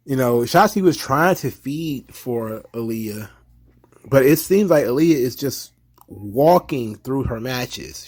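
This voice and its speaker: Chatty man recapping wrestling. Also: mid-range voice. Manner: chatty, opinionated, slips into animated impressions of fans. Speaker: wrestling show reviewer. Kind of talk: casual recap commentary.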